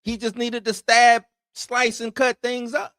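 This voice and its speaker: A man's voice: very high-pitched, monotone, a little slow, sharp tone, no echo, clean studio sound. A man hosting an entertainment news show in loose, slangy casual commentary, chuckling between points.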